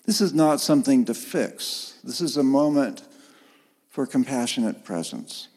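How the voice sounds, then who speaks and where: A man preaching a sermon in an earnest, gently emphatic way, heard in a church sanctuary. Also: medium pitch, lively intonation, a little slow, big-room sound. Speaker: pastor.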